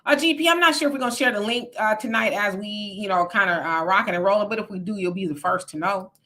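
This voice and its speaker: A woman's voice: mid-range voice, fast talker, sharp tone. A woman hosting a casual livestream, reading viewer comments aloud and reacting to them as she talks straight to her audience. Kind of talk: casual live chat.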